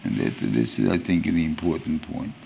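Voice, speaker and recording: A man giving an informal Torah lecture as a rabbi, halting and restarting as he searches for words. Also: rumbling low, lively intonation, vocal fry, dark tone, slight background noise. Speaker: rabbi teaching a weekly Torah class.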